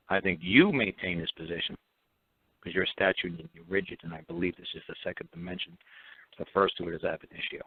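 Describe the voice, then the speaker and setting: A man hosts a call-in radio talk show, blunt and emphatic, repeating himself and tossing in mocking asides. His deep, husky voice swings widely in pitch, moves fast, and carries vocal fry, all over dry phone-line audio.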